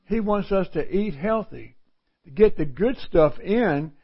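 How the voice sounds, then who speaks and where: Reading from scripture and unpacking it in a homespun style, this middle-aged preacher repeats phrases to drive points home. His high, slightly rough voice has lively intonation and moves a little slowly, heard through a dull lo-fi recording.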